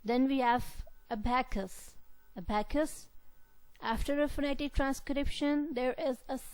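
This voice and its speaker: A woman teaching a lesson at a slow, careful pace. Her voice sits a little high and she repeats key words for emphasis. The sound is close and dry, with no room echo. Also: warm tone. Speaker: lecturer. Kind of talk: classroom lecture.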